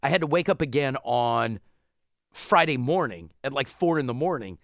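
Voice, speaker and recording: A man in a casual chat, telling a long story in a rambling, animated way. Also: medium pitch, moderate pace, vocal fry, dry recording, studio quality.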